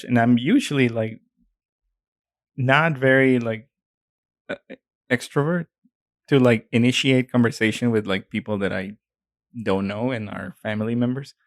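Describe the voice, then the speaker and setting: Mexican-accented podcast co-host, young adult man, relaxed chatty delivery, dry sound. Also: medium pitch, moderate pace, dry recording. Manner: chatty, many fillers, laughs easily. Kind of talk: casual chat.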